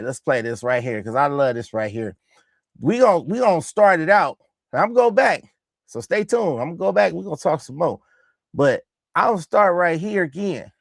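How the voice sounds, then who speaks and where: A man hosting a casual reaction show, talking excitedly and in slang over game highlights and repeating himself. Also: gravelly, no room sound, studio quality. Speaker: host of a basketball reaction channel.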